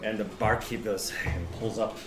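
A man narrating as game master in an animated, rambling way. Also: fairly low pitch, normal speed, roomy sound, soft background music. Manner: animated, rambling, with frequent laughs and restarts.

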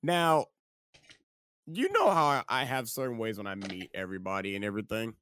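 Animated, laughing male podcast storyteller. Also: fairly low pitch, fairly quick, slight background noise. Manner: animated, laughing, acts out quoted lines. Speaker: podcast co-host. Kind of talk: casual storytelling chat.

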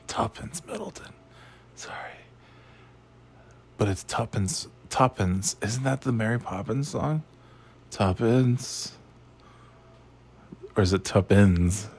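A man's voice: on the low side, a little mellow, slightly rough. A man hosting a casual chat, rambling and sarcastic, swearing freely.

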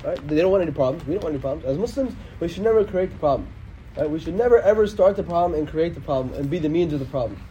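A man giving a casual, slangy religious talk, animated and quick to quote Arabic scripture. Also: fairly high pitch, slight background noise.

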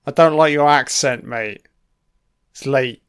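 Slow-talking, sweary man. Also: mid-range voice, fairly bright tone, clear, resonant tone. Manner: swears constantly, wry offhand remarks. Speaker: film commentator. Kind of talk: casual running film commentary.

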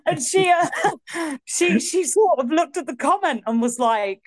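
A young woman singer, telling stories in a casual interview, chatty and excitable with acted asides. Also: high-pitched, slow, no room sound. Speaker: singer and guest.

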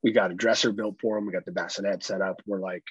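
A young adult man co-hosting a casual podcast, telling animated stories and swearing freely. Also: low voice, fast, breathy edge, no room sound, lo-fi sound. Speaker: podcast co-host.

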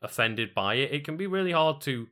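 A man's voice: on the high side, lively intonation, a little fast, sharp tone. A man co-hosting a stream in casual chat, rambling with many fillers and some swearing.

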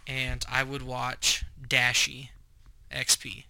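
A young man co-hosting a podcast, telling profane, animated stories in casual chat. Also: mid-range voice, slow, vocal fry, a little hiss or hum. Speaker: podcast co-host.

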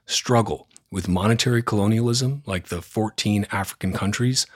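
A man's voice: lowish voice, normal speed, slightly rough. A man hosting a news roundup podcast, reading from a script in a blunt, sarcastic, opinionated way. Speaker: podcast host.

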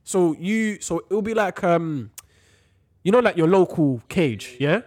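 Young man, casual podcast chat, animated and expressive. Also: sits high, a little slow. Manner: animated storytelling with slang, laughs often.

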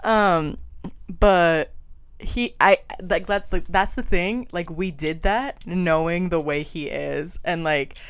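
A young woman co-hosts a casual chat podcast, recounting a story in a lower-pitched voice. She laughs often and fills her talk with "like". The sound is dry and close. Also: slow, clear, resonant tone, no echo. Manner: storytelling with frequent laughs and "like" fillers. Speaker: podcast co-host. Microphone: webcam or camera in a room.

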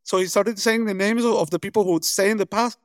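A man's voice: high-pitched, steady tone, fast talker, dry recording, clean studio sound. A man co-hosting a podcast in casual chat, telling kitchen stories with lots of laughter and acted-out quotes. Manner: laughing storyteller, acts out quotes. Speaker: podcast co-host.

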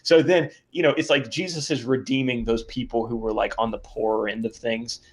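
A man's voice: mid-range voice, fairly even intonation, fairly quick. A man co-hosting a podcast, discussing a film hesitantly and thinking aloud with lots of fillers. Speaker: podcast co-host. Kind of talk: casual chat discussing a film.

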